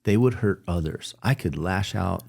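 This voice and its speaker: Here a guest speaks in a low voice at normal speed, with vocal fry, a slightly mellow quality, and a breathy edge. His interview talk is candid and reflective, earnest in tone, with frequent self-corrections, restarts, and little laughs.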